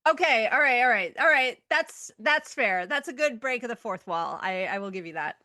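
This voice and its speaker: Bright woman on a dry podcast mic. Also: a little high, expressive, moderate pace, no room sound. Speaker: podcast co-host. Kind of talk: casual panel chat.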